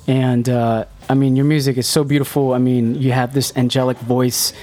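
A man's voice: medium pitch, little pitch movement, normal speed, a little mellow. Laid-back male radio host. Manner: laid-back, affirming, many fillers. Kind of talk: casual interview chat.

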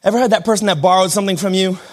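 A young adult man preaching a sermon, switching between shouted declarations and quiet, joking asides. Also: sits high, steady tone, rapid-fire. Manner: self-deprecating humor. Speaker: pastor.

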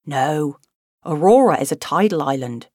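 A woman's voice: sits low, lively intonation, normal speed, a little mellow, dry recording, clean studio sound. A woman voicing a cheerful, easygoing young man with a broad Cornish accent, in an audiobook reading.

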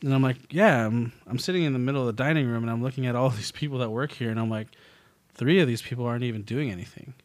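A man rambling through a story in casual podcast chat, restarting sentences as he goes. His mid-pitched voice is recorded dry and close, with no room sound. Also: quick pace, no room sound. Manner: rambling, restarts, laughs often.

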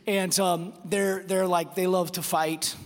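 A pastor preaching a sermon, emphatic and repeating words, slowing down to stress key phrases. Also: male voice, sits high, flat delivery. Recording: long reverb of a large hall.

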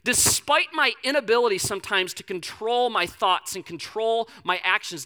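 Bright-voiced conversational man preaching. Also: high voice. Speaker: pastor. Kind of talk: sermon.

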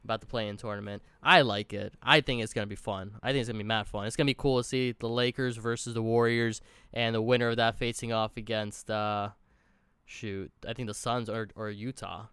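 A man co-hosting a casual sports podcast in a relaxed, easygoing way. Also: on the low side, fairly quick, clear, resonant tone, no echo. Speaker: podcast co-host.

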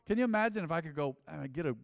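Casting: male preacher in his fifties, high voice, chatty call-and-response sermon, close dry mic with a long hall tail. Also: animated, racing, vocal fry. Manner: call-and-response, conversational, asks congregation to repeat. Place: church sanctuary.

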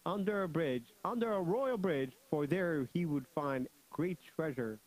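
High-voiced young man hosting kids' radio. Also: unhurried, low-quality recording. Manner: laughs often, jokey and animated. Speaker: children's radio show host. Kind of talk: playful storytelling for kids.

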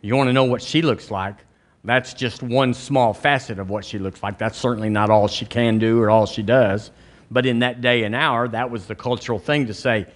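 Emphatic Southern pastor preaching. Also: male voice, moderate pace. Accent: Southern American. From Alabama, US. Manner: emphatic preaching with sudden loud high rises. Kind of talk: charismatic sermon and prayer. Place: church sanctuary.

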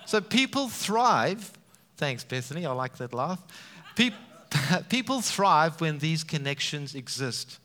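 Animated male preacher in a reverberant hall. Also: on the high side, measured pace. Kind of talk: sermon.

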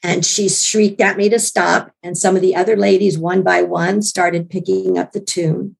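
A woman guest with a gravelly, husky voice, recounting her own experience at length. She tells it earnestly and with animation, often restarting her sentences. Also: fairly low pitch, flat delivery, normal speed, hardly any pauses. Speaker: guest author. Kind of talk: personal storytelling in an interview.

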